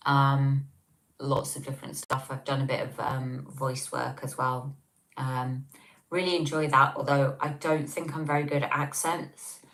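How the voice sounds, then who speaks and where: Recorded on a tablet on a table, this livestream host is a woman with an English accent chatting at home and reading comments. She has a fairly bright bass voice with a flat delivery and a measured pace, and her talk rambles with plenty of ums.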